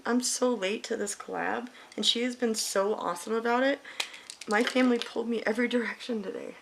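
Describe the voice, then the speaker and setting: A woman's voice: medium pitch, creaky, background noise. A middle-aged woman chatting bluntly and candidly through a makeup tutorial at home, swearing freely. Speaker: beauty vlogger. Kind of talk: casual makeup tutorial chat.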